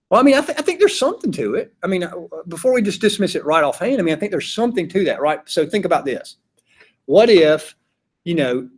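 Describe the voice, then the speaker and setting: A man giving a casual classroom lecture, chatty, acting out his examples in little voices. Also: a little high. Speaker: philosophy teacher.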